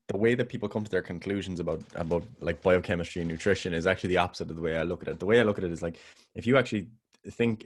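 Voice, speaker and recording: A man with a very low, deep voice talking on a podcast in a relaxed, rambling way. He restarts his sentences often and breaks into laughs now and then. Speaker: podcast co-host. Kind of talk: casual podcast chat.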